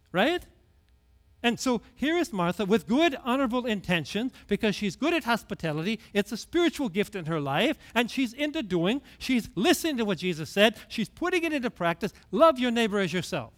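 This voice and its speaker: A middle-aged male pastor giving a conversational sermon, sinking to hushed low tones and rising to loud emphasis. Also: big pitch swings, fairly quick.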